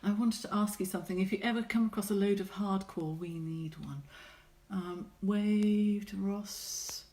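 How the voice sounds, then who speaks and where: This middle-aged watercolour artist speaks briskly in a steady, mid-range voice with a darkish tone. During her live painting session she chats casually, teasing viewers as she reads their comments.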